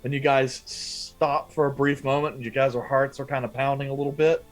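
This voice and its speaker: A man's voice: mid-range voice, level tone, fairly quick, soft background music. A man narrating as game master, hesitant and full of fillers.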